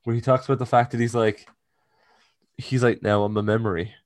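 A young man chatting casually on a podcast, emotional and animated, swearing freely and acting out quotes. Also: medium pitch, a little fast, no echo, studio quality. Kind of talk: casual chat.

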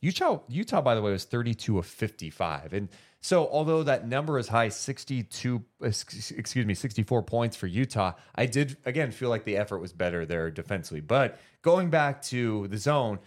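A man's voice: medium pitch, normal speed, few pauses. A man co-hosting a podcast, talking through a basketball game in a casual, analytical way. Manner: animated, analytical, quotes fans in mock voices. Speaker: podcast co-host. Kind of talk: casual sports talk.

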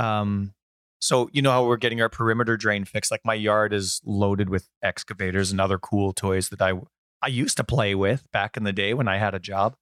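A man in his thirties co-hosting a gaming podcast, a bit hoarse, rambling casually through stories from home. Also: lowish voice, fairly even intonation, moderate pace, fairly bright tone, dry recording, studio quality. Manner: rambling, chatty storyteller. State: hoarse from a sore voice. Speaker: podcast co-host. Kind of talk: casual chat.

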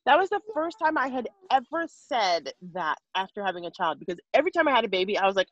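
A woman's voice: medium pitch, very animated, fast, few pauses, a bit bright, no echo, highs cut off. A woman guest telling a personal story in conversation, earnest and emotional, with many asides and restarts. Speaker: interview guest, mother of five.

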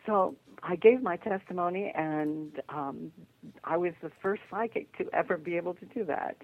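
An older woman with a gravelly, deep voice tells a story with lively energy. She is heard over a thin, tinny phone line. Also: normal speed. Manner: lively narration with acted quotes and laughter. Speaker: psychic guest. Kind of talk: animated storytelling.

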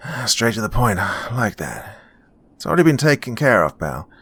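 A man's voice: mid-range voice, sing-song, normal speed, a bit bright, breathy edge, exaggerated voice. A man voicing a friendly, wry old man in a spoken story, talking in an easygoing, chummy way.

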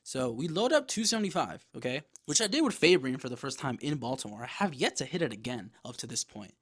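A man hosting his own podcast, casually telling a story in a loose, profane, animated way with lots of asides. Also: medium pitch, quick pace. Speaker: podcast host.

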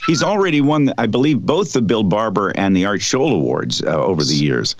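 A man who works as an air show announcer, chatting casually in measured, formal phrasing. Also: lowish voice, very animated, lo-fi sound, a little hiss or hum. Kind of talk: casual chat. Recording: dry close mic.

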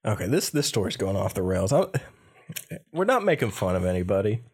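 A man's voice: lowish voice, sing-song, brisk, husky. A man co-hosting a podcast, chatting casually, chuckling often and reading a ghost tale aloud. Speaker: podcast co-host.

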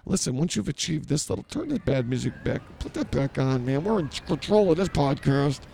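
Male comedy podcast host, dark gravelly voice, blustering mock-authority rants. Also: fairly high pitch, big pitch swings, brisk, a little hiss or hum. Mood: ranting.

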